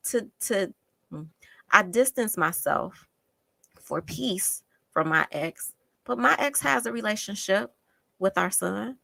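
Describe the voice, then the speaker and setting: Forceful, exasperated woman live-streamer. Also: a little high, creaky, dry recording. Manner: emphatic, exasperated, repeats phrases for effect. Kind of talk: casual live-stream commentary.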